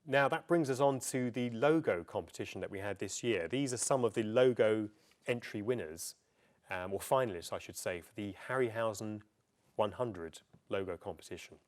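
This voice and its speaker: A middle-aged man presents to a festival audience in a relaxed, anecdotal way, pausing often with ums and uhs. His voice sits a little low. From England. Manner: chatty, anecdotal, with frequent ums. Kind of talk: public talk. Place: festival venue before an audience.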